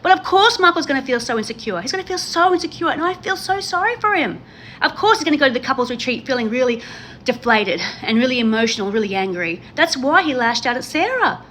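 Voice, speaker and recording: Fast-talking gushing woman. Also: high-pitched, sing-song, a bit bright, a little hiss or hum. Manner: gushing, emphatic, repeats herself. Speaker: reality TV commentary host. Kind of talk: casual chat to camera.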